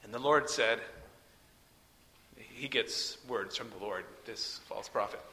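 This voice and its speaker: A male preacher delivers an expository sermon in a fairly low-pitched voice at a slow pace, with long hall reverb on the recording. He's emphatic, swinging between loud peaks and soft, trailing phrase ends, and turns mocking when quoting a rival teacher.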